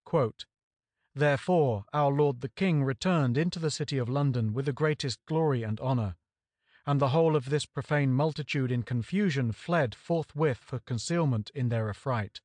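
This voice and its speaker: A man reading a history book aloud in a measured, even audiobook narration. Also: mid-range voice, no room sound. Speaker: audiobook reader.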